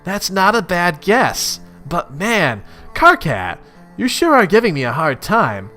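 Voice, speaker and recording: A man's voice: sits high, very animated, slow, pushed and bright, faint music behind, pitched above the performer's own voice, exaggerated voice. A man voicing a manipulative young female troll with a sly, teasing manner.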